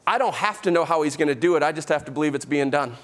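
A man preaching a sermon as pastor, emphatic, slowing down to stress key phrases and calling out to the congregation. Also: fairly high pitch, fairly bright tone. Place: church sanctuary.

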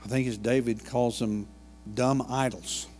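A man's voice: mid-range voice, fairly even intonation, measured pace, darkish tone, a little hiss or hum. Folksy male pastor in a reverberant church. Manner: folksy storytelling, asides and jokes. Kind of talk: sermon. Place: church sanctuary.

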